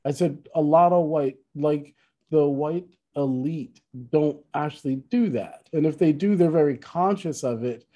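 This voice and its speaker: A man's voice: a little high, measured pace. A man in casual conversation, telling a story with lots of restarts and asides. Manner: rambling, self-correcting, animated retelling. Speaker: podcast co-host, musician.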